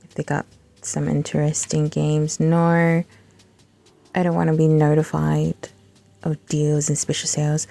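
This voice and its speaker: Slow, gravelly-voiced woman gaming host. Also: deep voice, dark tone, no room sound. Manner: rambling, talks to herself while browsing; laid-back, profane asides. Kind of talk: casual gaming commentary.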